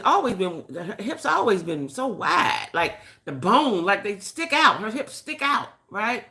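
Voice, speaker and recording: A woman's voice: mid-range voice, big pitch swings, a little slow, hardly any pauses, bright, forceful tone. An older woman hosting a casual gossip chat, opinionated and chatty, talking straight to her viewers. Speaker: host.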